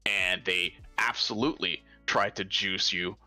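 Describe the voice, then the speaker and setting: A man with a lowish, bright and forceful voice gives blunt, opinionated takes on a live stream. Faint music sits underneath. He talks briskly and without much hedging. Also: fairly even intonation. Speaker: guest commentator. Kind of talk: livestream discussion.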